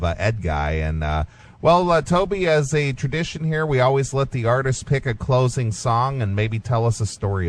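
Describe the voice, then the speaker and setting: A man hosting a radio show, interviewing a guest and joking with him. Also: mid-range voice.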